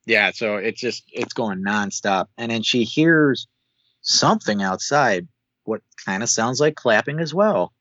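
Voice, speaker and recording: A man co-hosting a podcast, recapping a TV episode in a rambling way with many filler pauses over a video call. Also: lowish voice, animated, fairly bright tone, no echo. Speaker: podcast co-host. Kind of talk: casual chat recapping a TV episode. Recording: dull dry call audio.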